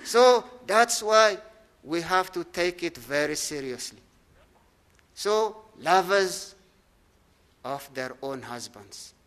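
High, bright-voiced man preaching slowly. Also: lively intonation. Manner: deliberate, emphatic preaching with rhetorical questions and lists. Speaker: pastor. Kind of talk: sermon.

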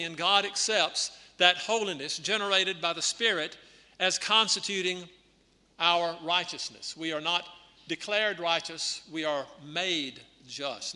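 A man preaching a sermon in a deliberate, emphatic teaching manner, often clearing his throat and restarting phrases. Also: high voice, sharp tone. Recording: long reverb of a large hall.

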